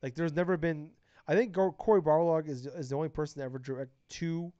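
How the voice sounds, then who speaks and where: Brief: young man, podcast co-host, rapid excited profane gushing, slightly high voice, dry dull lo-fi sound. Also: dry recording. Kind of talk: casual podcast chat.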